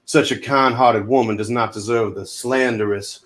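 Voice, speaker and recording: A man's voice: mid-range voice, fairly even intonation, moderate pace, fairly bright tone, natural voice. A man doing a courtly Southern ex-con hero. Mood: earnest.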